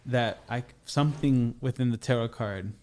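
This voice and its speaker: A man's voice: mid-range voice, moderate pace, darkish tone. A young man, a podcast guest, telling a personal story in a rambling, casual way, full of restarts and fillers.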